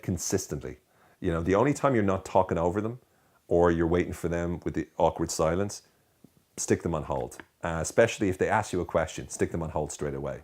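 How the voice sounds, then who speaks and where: An Irish man in his thirties hosting a comedy monologue, talking in a bored, deadpan, sarcastic drawl. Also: sits low. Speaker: host.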